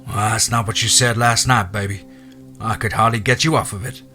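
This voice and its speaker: Man voicing a cocky smart-aleck soldier, joking, teasing, forceful bright voice. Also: on the low side, fairly even intonation, fairly quick, faint music behind. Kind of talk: audiobook character voice.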